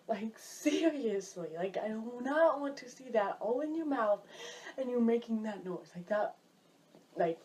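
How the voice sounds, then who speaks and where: A woman's voice: on the high side, expressive, a little slow, darkish tone. A young woman ranting casually about everyday pet peeves as a vlogger, exasperated and filling her talk with "like.". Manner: chatty, exasperated, heavy use of "like". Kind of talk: casual list rant.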